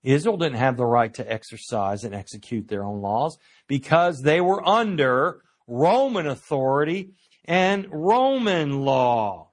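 Man preaching an earnest Bible-teaching sermon. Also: on the high side. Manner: earnest teaching tone, slows to stress key words, frequent uh fillers; asks the listeners rhetorical questions.

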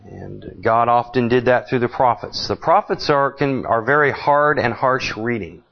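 Slow, deliberate male Bible preacher. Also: mid-range voice, creaky. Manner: slow and deliberate, with frequent uh pauses. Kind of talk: Bible teaching sermon. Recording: dull lo-fi recording.

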